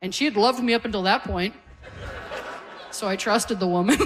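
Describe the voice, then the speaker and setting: A woman's voice: mid-range voice, moderate pace, long pauses. A middle-aged woman doing a stand-up comedy set, telling family stories and acting out the people in them. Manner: storytelling, acting out family members in quotes. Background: audience laughter.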